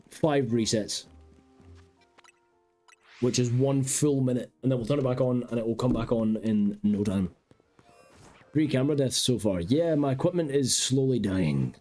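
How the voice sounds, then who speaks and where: A man's voice: medium pitch, darkish tone. A man streaming a game, chatting casually and rambling aloud to his viewers. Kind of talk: casual live-stream chat.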